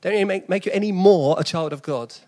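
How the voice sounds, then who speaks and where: With a quick pace and a darkish tone, the South East London preacher in his forties speaks earnestly and conversationally, his fairly high voice building into emphatic lists as the sermon goes on.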